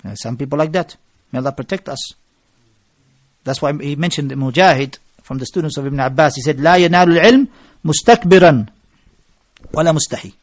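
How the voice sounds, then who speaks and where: A man's voice: mid-range voice, fairly quick, no echo, clean studio sound. A male preacher, lecturing a gathering and telling stories, with phrases mixed into his English. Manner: mixes Arabic phrases into English, animated storytelling. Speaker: Islamic preacher.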